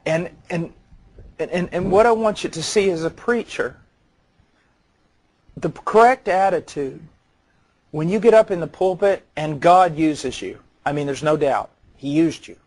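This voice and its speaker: A man's voice: a little high, measured pace. A man preaching a sermon, telling stories conversationally and building to earnest intensity, often repeating words as he starts a phrase.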